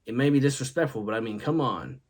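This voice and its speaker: A man's voice: mid-range voice, quick pace, darkish tone. A young man hosting a casual talk video, telling rambling stories in a jokey way and laughing at his own jokes. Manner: rambling, jokey storytelling with self-amused laughs. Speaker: host.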